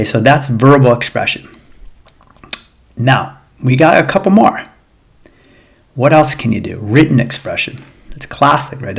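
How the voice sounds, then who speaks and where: A man with a low, gravelly voice speaks as a physical therapist coaching viewers. He talks in an earnest, repetitive way, circling back over his points and calling his audience "guys." The delivery feels like a casual talk straight to camera. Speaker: physical therapist giving pain recovery advice. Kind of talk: casual educational monologue to camera.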